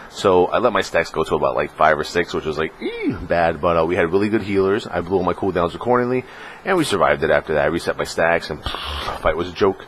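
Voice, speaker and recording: A man talking casually on his late-night gaming vlog, rambling and excitable, full of fillers. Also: deep voice, fairly quick, slight background noise. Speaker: gaming vlogger. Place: home room in California.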